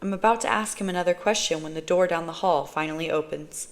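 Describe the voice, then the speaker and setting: A woman reading a novel aloud, narrating in first person in a measured way. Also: deep voice. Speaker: audiobook reader.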